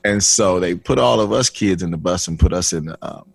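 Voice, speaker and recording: A man's voice: low voice, brisk, gravelly, breathy edge, dry recording. A man in his sixties from Flint, Michigan, telling his life story as a guest and acting out the dialogue with lots of restarts. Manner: animated, acts out dialogue with restarts. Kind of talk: personal testimony storytelling.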